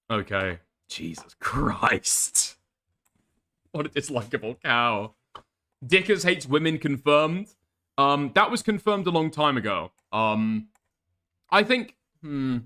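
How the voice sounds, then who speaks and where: A man's voice: a little high, pushed and bright. A man streaming live, reacting to a video with crude, mocking commentary and frequent laughter.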